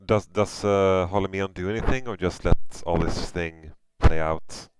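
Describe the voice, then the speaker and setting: A man's voice: low-pitched, moderate pace, a little hiss or hum. A man with a Swedish accent narrating a tabletop game as game master, hesitant with many fillers.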